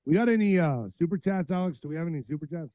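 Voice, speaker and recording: A man hosting a political podcast livestream, blunt and profane, reading news aloud and ranting, his voice going hoarse. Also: a little high, racing, dry recording, phone-quality sound. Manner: blunt, heated, reads news aloud then rants. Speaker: podcast host.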